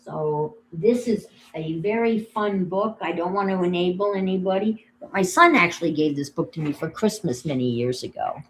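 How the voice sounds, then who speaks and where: A woman's voice: fairly low pitch, expressive, normal speed, hardly any pauses. An older woman with a New York accent, chatting casually to viewers on her crafting livestream while she works. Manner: chatty, thinks aloud while working, greets viewers.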